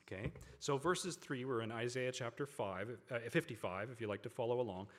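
A man preaching a sermon to a congregation, with emphatic, drawn-out stresses on key words. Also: medium pitch. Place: large hall with a congregation. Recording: long hall reverb.

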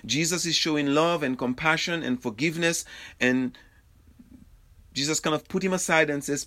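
Halting male preacher with many fillers. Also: on the high side, pushed and bright. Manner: halting, with many fillers and restarts, chuckles often. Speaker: pastor. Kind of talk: sermon.

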